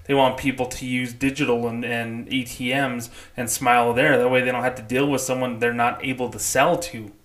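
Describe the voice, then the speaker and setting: A former bank employee turned customer advocate delivers a casual, blunt, profane rant, often pausing to ask "okay?" His mid-range, slightly bright voice has little pitch movement, moves at normal speed and hardly pauses.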